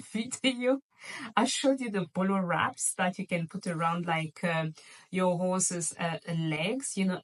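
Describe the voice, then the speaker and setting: A woman's voice: on the low side, distant mic, poor audio. A woman vlogger chatting casually and playfully to her viewers about luxury shopping, gushing over items. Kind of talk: casual chatty haul video.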